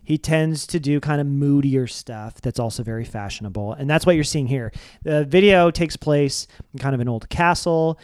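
Talkative guy explaining music videos, kinda high voice, dry sound. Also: normal speed, smooth, dry recording. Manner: chatty, explains and jokes. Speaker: co-host. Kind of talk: casual chat about music videos.

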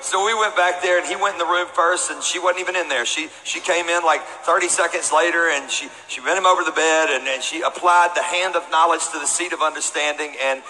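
A Texan-accented pastor in his forties tells playful, joking stories to his congregation from the stage of a large church auditorium during a sermon. His voice is a little high, steady and brisk with hardly any pauses, and the poor audio has a long reverb tail.

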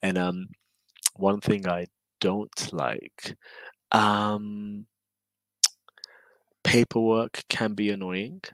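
A man's voice: low voice, a bit bright, no echo, poor audio. A man with a London accent, chatting casually as an interview guest in a laid-back, slangy, rambling way. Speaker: guest, drifter.

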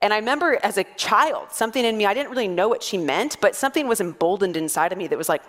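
A woman's voice: medium pitch, animated, quick pace, hardly any pauses, fairly bright tone, big-room sound. A woman pastor in her thirties preaching a sermon to her church, telling stories in a playful way with frequent laughter.

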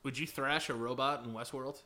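A man's voice: mid-range voice, fairly even intonation, fairly quick, pushed and bright. A man in his thirties co-hosting a comedy podcast, riffing with crude, rambling, playful banter. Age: 30s. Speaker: podcast co-host.

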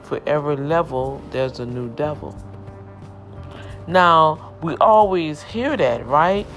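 A woman's voice: low-pitched, animated, takes it slowly, faint music behind. A woman sharing an emotional personal testimony, with impassioned, emphatic, repetitive storytelling.

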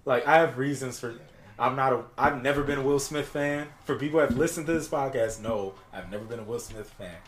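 A man's voice: mid-range voice, a little fast, slight background noise. A man hosting a podcast in casual chat, blunt and opinionated with lots of slang. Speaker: podcast host. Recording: roomy echo.

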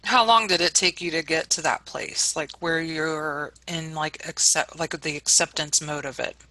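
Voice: mid-range voice, fairly even intonation, normal speed, pushed and bright, no echo, rough recording. An interviewer asking a question, hesitant and searching for words.

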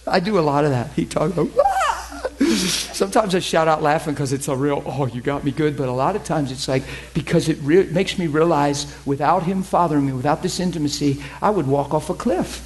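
A middle-aged man with a notably high-pitched voice teaches a class in the style of a sermon. He tells personal stories with animated emphasis and laughs often. He keeps asking his listeners whether they get it. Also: fast talker, hardly any pauses. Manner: emphatic, asks listeners questions.

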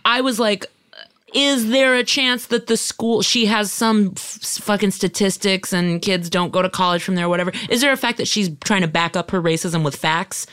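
An American woman co-hosting a casual podcast, playful and inquisitive, tossing in quick asides and questions to her guests. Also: mid-range voice, fairly even intonation, fairly bright tone, clean tone, dry recording, clean studio sound. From United States. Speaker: co-host. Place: podcast studio.

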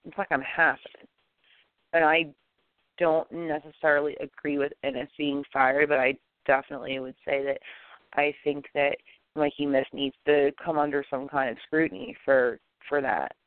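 A man hosting a podcast in casual chat, animated and opinionated, rambling with many restarts. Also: fairly high pitch, normal speed, clear, resonant tone, no room sound. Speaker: podcast host. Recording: tinny phone-like lo-fi audio, dry.

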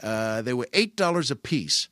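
A podcast host tells a story in a casual monologue, animated and poking fun at himself. His mid-range voice moves at a moderate pace, captured in a dry, studio-quality recording.

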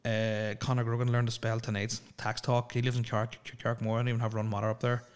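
A man's voice: medium pitch, completely flat delivery, fast talker, clear, resonant tone. Profane, rambling man. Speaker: podcast host. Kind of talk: casual solo podcast chat.

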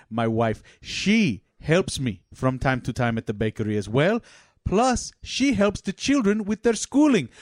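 A man's voice: medium pitch, no echo, clean studio sound, voice pushed down, close to an everyday voice. A man doing a proud, boastful immigrant father. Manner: grand, formal speech with repeated "huh?".

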